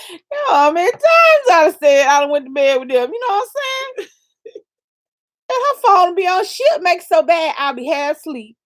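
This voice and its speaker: A high-pitched woman co-hosting a casual chat, telling animated stories full of loud exclamations. The recording is dry and close, with no room sound. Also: moderate pace, long pauses, no room sound. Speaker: co-host of a couple's channel.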